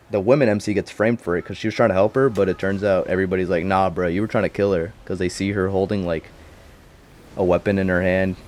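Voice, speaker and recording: A man's voice: low-pitched, darkish tone. A young man rambling casually about a show he watched, full of slang and swearing. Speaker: vlogger.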